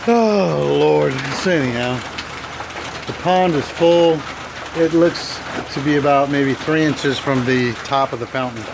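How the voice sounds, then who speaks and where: Chill guy filming his farm, talks slow, keeps saying anyhow, rain noise all around. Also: mid-range voice. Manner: relaxed, chatty, repeats "anyhow". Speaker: vlogger. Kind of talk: casual video diary. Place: outdoors on a farm. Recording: outdoor camera audio with rain noise.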